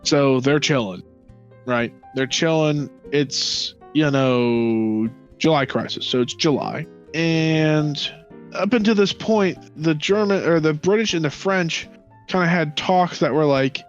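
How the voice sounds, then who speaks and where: An unhurried man with a fairly high voice co-hosts a laid-back history podcast. He's sarcastic and profane, mimicking nations with mocking quoted lines. Dull lo-fi audio carries faint background music.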